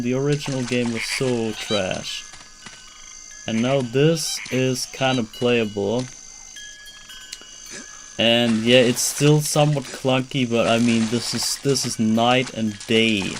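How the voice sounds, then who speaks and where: Slow, rambling German-accented man. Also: medium pitch, noisy background. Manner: rambling, frank, swears casually. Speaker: streamer. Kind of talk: casual gameplay commentary.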